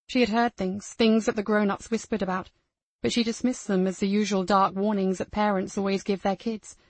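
A woman reading a crime novel aloud as the narrator, in a measured storytelling manner. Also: mid-range voice, flat delivery, a little mellow, no room sound. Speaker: audiobook narrator. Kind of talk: scripted narration.

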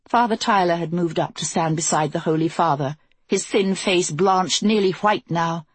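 A woman narrating a fantasy audiobook in a measured, even storytelling way. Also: on the low side, husky, dry recording.

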